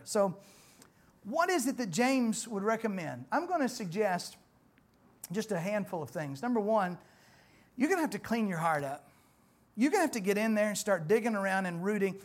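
A pastor in his 40s preaches in church with a high-pitched voice. His delivery is folksy and conversational, swelling louder whenever he hits an emphatic point.

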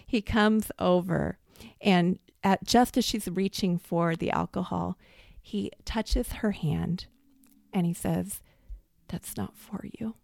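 A woman's voice: lowish voice, fairly even intonation, takes it slowly, creaky, darkish tone, dry recording, clean studio sound. A woman podcast host speaking enthusiastically and emotionally, retelling a scene and asking her guest questions. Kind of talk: casual podcast conversation.

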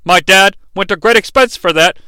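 A man's voice: high voice, moderate pace, bright, forceful tone, clear, resonant tone, no room sound. A man putting on the voice of a whiny, smug young heir who gets defensive about his father.

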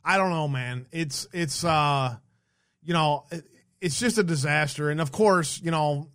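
A man's voice: fairly high pitch, unhurried, fairly bright tone, no room sound, studio quality. A man co-hosting a casual political livestream, reading headlines aloud and mocking them with sarcastic, profane asides. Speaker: podcast co-host.

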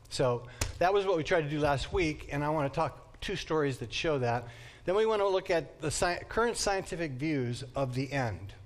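A man giving a conversational lecture to an adult class in a church, thinking aloud with the odd restart. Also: mid-range voice.

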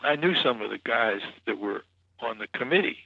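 A man's voice: medium pitch, lively intonation, normal speed, vocal fry, breathy edge, no echo, muffled recording. A man guest, a musician, telling stories in a casual interview, rambling with many restarts and "you know"s. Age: 40s or older.

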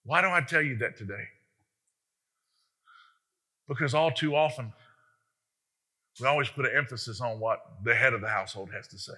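A man preaching a sermon as pastor, animated and emphatic, often speaking straight to the congregation with rhetorical questions. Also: mid-range voice, normal speed, long pauses, slightly rough.

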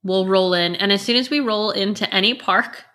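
A woman's voice: medium pitch, moderate pace, bright, forceful tone. A woman in her forties chatting casually as a podcast co-host, telling family stories and acting out what people said. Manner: chatty storyteller who acts out family quotes. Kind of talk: casual chat.

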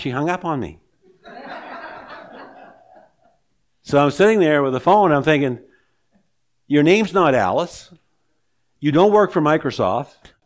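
A man preaching a sermon, emphatic, with rhetorical questions and deliberate pauses. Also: fairly low pitch. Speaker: pastor.

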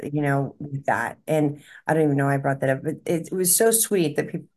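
A woman's voice: deep voice, fairly quick, a little mellow. A woman, a medium co-hosting a podcast, talking in a rambling, emotional way and laughing often. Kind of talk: casual podcast conversation.

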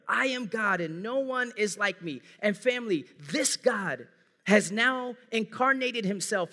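A man's voice: sits high, pushed and bright. A man preaching an earnest sermon as pastor, speaking to his congregation as family. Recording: long hall reverb.

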